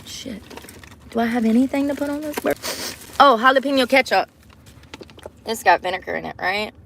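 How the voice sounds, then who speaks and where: Woman streamer, fairly high voice, casual and foul-mouthed, talking into her phone in the car with a faint engine hum behind. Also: lively intonation, moderate pace, creaky, a bit bright. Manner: chatty, profane, talks straight to viewers. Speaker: live-streamer. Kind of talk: casual live-stream chat. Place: inside a parked car at a drive-thru. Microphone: phone camera.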